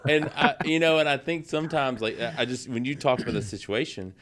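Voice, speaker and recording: A man's voice: mid-range voice, fairly even intonation, fast, background noise. A man hosting a podcast, chatting casually with lots of "like" and "you know.". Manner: conversational, many fillers such as "like" and "you know". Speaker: podcast host.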